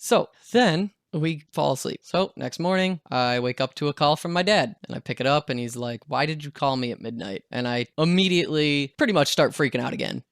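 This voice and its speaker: Young guy, smooth dry voice, animated self-mocking storyteller. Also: a little high, brisk, hardly any pauses, no echo. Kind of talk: casual storytime.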